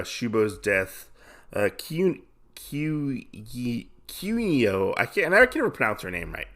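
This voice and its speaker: A man hosting a podcast, recapping a comic casually with rambling, halting asides. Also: fairly low pitch, fairly bright tone. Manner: rambling, lots of fillers and restarts. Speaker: podcast host.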